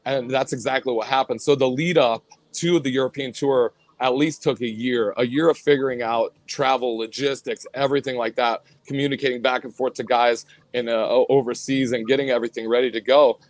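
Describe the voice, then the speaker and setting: A man's voice: medium pitch, fairly quick, no echo. Man telling tour stories, dry sound. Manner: animated storyteller, acts out what others said. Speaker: guest musician, band vocalist and bassist. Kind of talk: casual interview chat.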